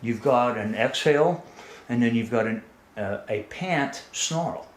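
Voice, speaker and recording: A man at a mid-range pitch gives an explanatory lecture, earnest and analytical. He often restarts phrases and pauses to ask "right?". The sound carries a noticeable roomy echo. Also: animated. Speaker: presenter.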